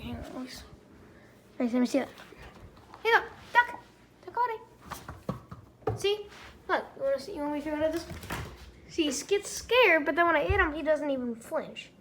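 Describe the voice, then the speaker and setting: A woman's voice: high-pitched, lively intonation, a little fast. A woman vlogging at home, chatting playfully and teasingly with her pet dogs as she films them. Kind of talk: casual off-the-cuff chatter. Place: indoors at home. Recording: noisy home video recording.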